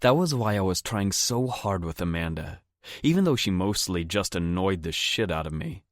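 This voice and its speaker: A young man narrating a first-person audiobook with a very deep voice and a brash, blunt, crude edge. The sound is dry and close, with no room around it. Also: big pitch swings, moderate pace, dry recording.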